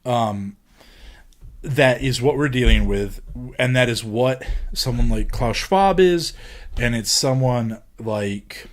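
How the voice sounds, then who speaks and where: Guy rambling through a lecture, lots of ums and false starts, middle pitch. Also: slow pace. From England. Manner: hesitant, many ums and restarts. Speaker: podcast lecturer. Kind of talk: casual lecture talk.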